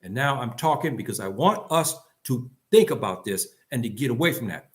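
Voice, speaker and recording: A man's voice: medium pitch, expressive, brisk. An older man giving an impassioned monologue to his community, blunt and scolding, repeating himself and firing off rhetorical questions. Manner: emphatic, repetitive, rhetorical questions. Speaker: commentator addressing his community.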